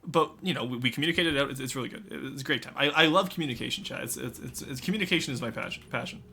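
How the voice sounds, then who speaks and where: A man's voice: mid-range voice, very fast, creaky, slight background noise. A young man chatting with his stream viewers, laughing often. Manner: animated, laughs often, talks to chat. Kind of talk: casual live-stream chat.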